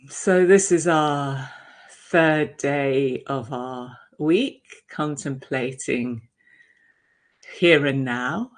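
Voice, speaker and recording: A woman meditation teacher giving a dharma talk over a video call, gentle and reflective, with soft hesitations. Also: extremely low pitch.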